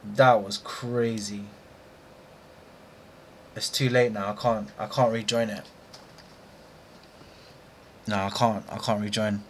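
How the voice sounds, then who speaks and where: Young british guy muttering thru his trades, slow and draggy, bit of room hiss behind. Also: lowish voice, sharp tone. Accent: British English. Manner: muttering to himself, frustrated asides, slangy. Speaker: trading streamer. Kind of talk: live trading commentary.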